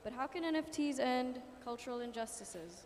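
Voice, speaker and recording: Woman host introducing the next speaker, slightly high voice, long hall reverb and faint noise. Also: expressive, moderate pace, darkish tone. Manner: reading a scripted introduction. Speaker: session host. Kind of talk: conference introduction. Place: conference ballroom.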